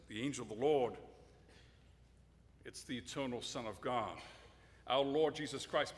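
A man's voice: medium pitch, fairly bright tone, in a large hall. A man preaching a sermon, emphatic and direct, sometimes addressing children in the audience.

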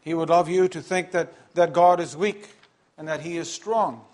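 A man preaching an earnest sermon, emphatic and measured, with pauses and some repeated words. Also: fairly high pitch, fairly even intonation, a little mellow.

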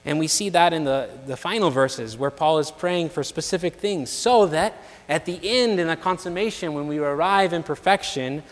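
A man preaching a sermon in an earnest, measured way, building his points through repeated phrases. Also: a little high. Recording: long reverb of a large hall.

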